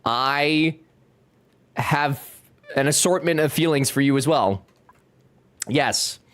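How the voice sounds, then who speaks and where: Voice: mid-range voice, takes it slowly, a bit bright. A game streamer chatting casually and jokingly with viewers during a live stream. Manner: joking, playful, talks to chat.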